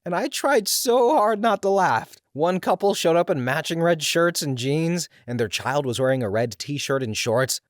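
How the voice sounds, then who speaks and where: A man narrating scripted stories in an expressive, animated way. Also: fairly high pitch, moderate pace, few pauses, no room sound, studio quality. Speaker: story reader.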